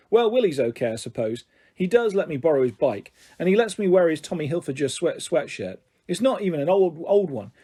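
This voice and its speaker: A man's voice: fairly high pitch, big pitch swings, brisk, dark tone, breathy edge. A man reading a children's novel aloud, giving each character a slightly different voice. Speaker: storyteller.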